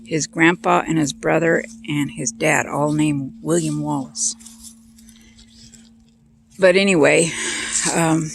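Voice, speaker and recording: Slow, gravelly woman telling jokes outdoors. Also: low voice, slight background noise. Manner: rambling, breaks off to point out the garden. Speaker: joke teller. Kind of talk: casual storytelling. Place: outdoors in a garden by a pond.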